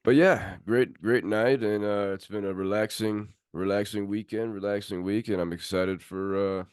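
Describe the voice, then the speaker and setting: A man's voice: fairly low pitch, steady tone, moderate pace, a little mellow, smooth, no room sound, studio quality. A man hosting a sports podcast, chatting in laid-back, friendly banter. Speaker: podcast host. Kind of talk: casual chat.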